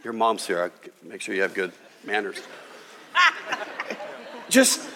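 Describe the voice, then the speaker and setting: A man preaching a sermon as a pastor, animated, voicing Jesus and God in quoted lines. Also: on the low side, slow, long pauses, crowd noise, noisy background. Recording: reverberant hall.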